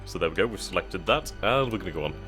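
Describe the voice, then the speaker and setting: A man with a very low voice talks through a game's setup menus, reading text aloud and thinking as he goes. He hesitates and muses casually as he chooses options. Faint music plays under his voice. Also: animated, fast talker, fairly bright tone. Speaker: gaming channel host. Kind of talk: casual let's-play commentary.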